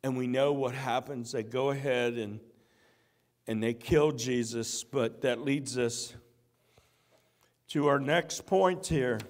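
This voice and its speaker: Man, preacher, sermon, unhurried, repeats phrases, church. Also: medium pitch. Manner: earnest, repeats key phrases.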